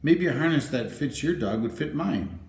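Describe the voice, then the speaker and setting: A man's voice: a little high, expressive, normal speed, a little mellow, pitched above the performer's own voice, close to an everyday voice. A man reading the lines of a thin, friendly woman shopper in an amused, friendly manner. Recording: roomy, echoey room.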